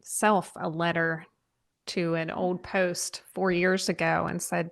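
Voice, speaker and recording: A woman's voice: on the low side, level tone, slow pace, creaky. A woman hosting a podcast interview, thanking and appreciating her guests. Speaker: podcast host.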